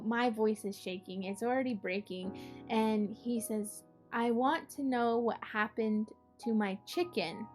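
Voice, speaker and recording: Young woman telling a story from her childhood, kinda high voice, lots of likes and you knows, soft music under it. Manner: casual, with many fillers like "like" and "you know". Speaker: art project host and storyteller. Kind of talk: personal storytelling.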